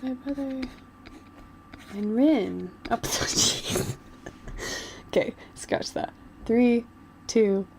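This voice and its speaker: Gravelly-voiced woman gushing about anime. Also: on the high side, darkish tone, a little hiss or hum, rough recording. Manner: giggly, rambling, gushing fan. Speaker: vlogger. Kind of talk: casual chat while doodling.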